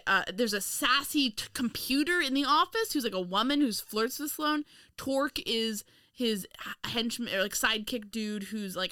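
A woman's voice: medium pitch, bright, forceful tone, smooth, no echo, studio quality. A woman co-hosting a podcast, chatting casually and sarcastically, laughing often. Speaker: podcast co-host. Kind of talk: casual comedic chat.

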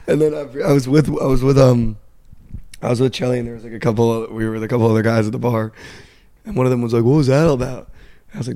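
A young man co-hosting a casual sports betting talk, animated as he tells a story and mimics a stranger in a flat voice. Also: medium pitch, fast talker, gravelly, no room sound, clean studio sound. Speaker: podcast co-host.

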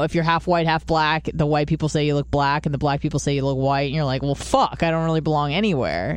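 A woman co-hosting a podcast, telling stories in casual chat, swearing freely and jumping into high quoted voices. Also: no echo. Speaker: podcast co-host.

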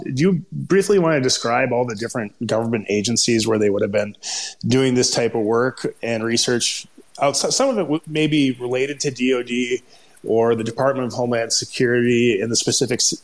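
A man with a Minnesota accent presenting technical material off the cuff, often stumbling and restarting over jargon. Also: medium pitch. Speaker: guest researcher presenting. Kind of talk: ad-libbed presentation on a panel talk.

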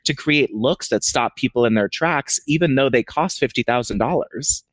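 A man's voice: medium pitch, moderate pace, no room sound. A man co-hosting a casual podcast chat, chiming in with dry quips. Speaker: podcast co-host.

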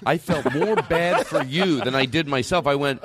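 A man's voice: on the high side, moderate pace, background noise. A man telling a comedic story casually, swearing often and acting out what people said. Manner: animated, profane, acts out quotes.

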